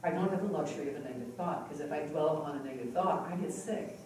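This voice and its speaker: A woman presenting a live hypnotherapy teaching demonstration in an expressive, conversational way, recorded from a distance in a large conference hall. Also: deep voice, quick pace. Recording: echoey hall from far off with noise.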